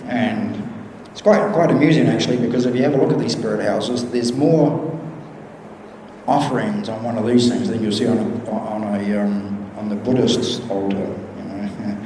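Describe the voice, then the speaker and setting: A man's voice: lowish voice, fairly even intonation, normal speed, noisy background. A man who is a Western Buddhist monk, giving an informal humorous Dhamma talk full of anecdotes and acted-out dialogue in a large temple hall. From Western country. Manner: humorous, chuckling at his own stories, acts out dialogue. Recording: echoey hall recording with faint room ambience.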